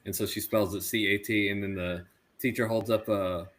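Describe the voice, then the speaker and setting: A man's voice: on the low side, fairly even intonation, moderate pace, fairly bright tone, slight background noise. A man in his thirties co-hosting a casual podcast chat, telling stories animatedly and laughing often. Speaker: podcast co-host.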